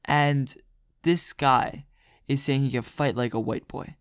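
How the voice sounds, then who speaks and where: A man's voice: medium pitch, steady tone, takes it slowly, clear, resonant tone, dry recording, clean studio sound. A young man telling a rambling, jokey story for a vlog, laughing often. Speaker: storytime vlogger. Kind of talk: casual storytelling.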